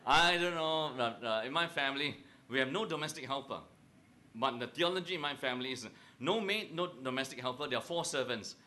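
A man's voice: medium pitch, brisk, a little hiss or hum. A middle-aged man preaching a humorous sermon, joking with and teasing his audience and asking them questions. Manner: joking, teasing, animated, asks the crowd questions. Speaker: pastor.

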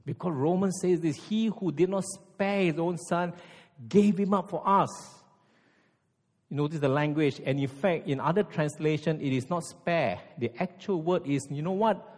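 A man preaching a sermon, emphatic and full of rhetorical questions, at times dropping to a hushed intensity. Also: a little high, normal speed. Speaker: pastor. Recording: long hall reverb.

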